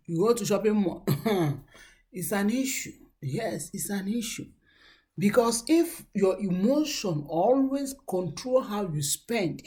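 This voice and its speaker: A woman's voice: medium pitch, a little mellow. Earnest woman giving marriage advice. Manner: earnest, preachy, acts out quoted people. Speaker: relationship coach. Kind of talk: motivational advice talk.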